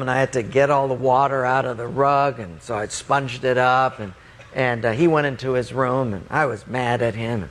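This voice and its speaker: A middle-aged man preaching a sermon as a lively story, acting out the voices and often laughing as he talks. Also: mid-range voice.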